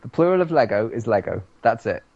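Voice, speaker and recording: A British man co-hosting a casual podcast, ranting loudly with lots of swearing. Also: mid-range voice, sing-song, fast, gravelly, no room sound, muffled recording. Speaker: podcast co-host. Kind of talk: casual chat.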